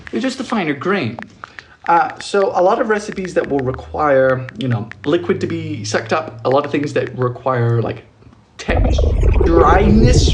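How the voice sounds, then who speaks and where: Young male cooking streamer, playful and chatty, pitch jumping all over, home kitchen. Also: a little slow, a little hiss or hum. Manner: animated, playful, thanks viewers often. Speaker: cooking livestream host. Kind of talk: chatty live cooking stream, reading viewer comments.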